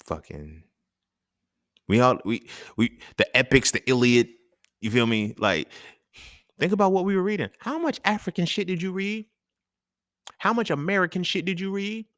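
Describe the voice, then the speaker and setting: A man's voice: high voice, big pitch swings, normal speed, pauses often, a bit bright, dry recording, clean studio sound. A man hosting his own talk show, delivering a casual, profane monologue full of slang and laughter. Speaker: podcast host.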